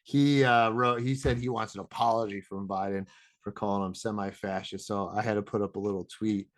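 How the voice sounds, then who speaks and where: A lower-pitched man co-hosting a casual podcast with a dry, close sound. He talks bluntly, swears freely and sounds indignant. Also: fairly even intonation, brisk, no room sound. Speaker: podcast co-host. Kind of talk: casual comedic chat.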